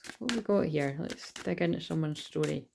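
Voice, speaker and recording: A young woman talks through a tarot reading in a loose, rambling way, cursing casually as she goes. Her voice sits low and has a gravelly, fried edge. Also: lively intonation, brisk, noisy background. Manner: rambling, chatty, swears freely. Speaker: tarot reader.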